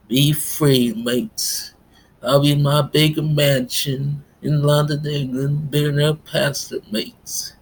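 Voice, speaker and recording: A man rambling in a monologue, tacking "mates" onto nearly every phrase in a halting, repetitive delivery. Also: mid-range voice, vocal fry, slightly rough. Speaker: self-styled pastor vlogger.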